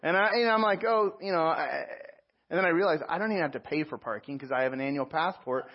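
A man preaching a sermon, telling a personal story with animated asides and self-mocking laughs. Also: a little high, fast talker, highs cut off, a little hiss or hum. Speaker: pastor.

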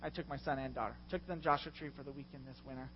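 A middle-aged man preaching a sermon as a pastor, passionate and confessional, with loud swells. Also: mid-range voice, fairly even intonation, rapid-fire, dull audio, slight background noise. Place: church.

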